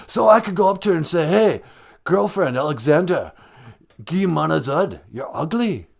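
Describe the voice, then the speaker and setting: A man voicing a mellow male movie star caller who drawls surfer slang like dude and gnarly. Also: high-pitched, quick pace, gravelly, breathy edge, voice pushed up, full character voice. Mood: easygoing.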